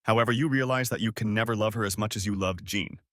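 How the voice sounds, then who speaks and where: Man voicing calm, deep-voiced pipe-smoking friend. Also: dry recording, studio quality, close to an everyday voice. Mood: probing. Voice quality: deep bass. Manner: calm, measured, non-judgmental. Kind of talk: audiobook character reading.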